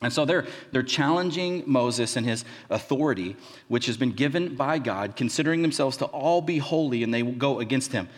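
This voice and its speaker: A college pastor preaches a sermon, retelling scripture in an animated, conversational way with casual asides. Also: male voice, mid-range voice, brisk. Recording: long reverb of a large hall.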